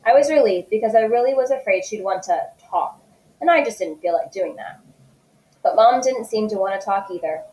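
Teacher lady reading a book aloud, calm and steady, kinda echoey room. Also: mid-range voice, brisk. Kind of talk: read-aloud book narration.

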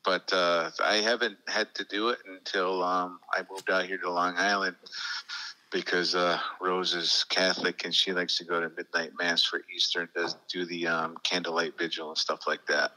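Chill guy cohosting, super deep voice but really bright and sharp sounding. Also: level tone, normal speed, poor audio. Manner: laid-back listener with short reactions. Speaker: podcast co-host. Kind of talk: casual chat.

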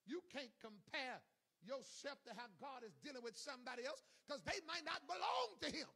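High, gravelly preacher man, shouting. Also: expressive, normal speed. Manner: swings from low murmurs to shouting; calls out to the congregation. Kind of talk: sermon. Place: church service.

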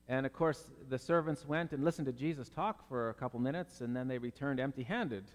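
A man's voice: mid-range voice, a little fast, few pauses, in a large hall. A male pastor preaching a sermon in an earnest, conversational way, acting out the people in the Bible story.

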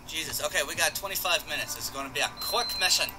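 A man's voice: on the high side, expressive, very fast, background noise. A young man giving casual, sarcastic let's-play commentary and mocking the game's characters. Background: loud game music.

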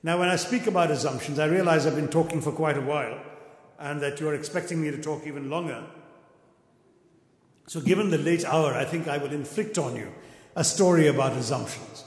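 A man's voice: fairly high pitch, brisk. A middle-aged man with an Indian English accent giving an eloquent, wry public lecture, telling an anecdote to an auditorium audience. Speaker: guest lecturer. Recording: echoey auditorium with long reverb.

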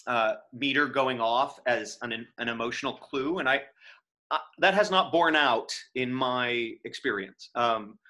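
Bright-voiced man teaching verse. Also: medium pitch. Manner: casual, frequent "um" and "right?"; profane aside. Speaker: acting teacher. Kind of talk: recorded lecture on verse.

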